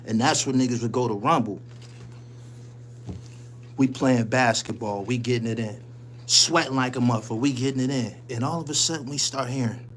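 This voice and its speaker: A man's voice: mid-range voice, moderate pace, long pauses, a bit bright, slight background noise. A man hosting his channel, telling a story in casual, profane street slang and laughing often as he goes. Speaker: channel host.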